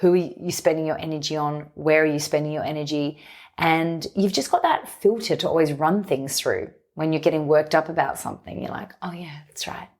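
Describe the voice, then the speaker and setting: A woman's voice: deep voice, a little fast, a little mellow. A woman, a podcast guest talking openly and reflectively in long, flowing runs. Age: 30s. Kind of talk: candid conversational interview.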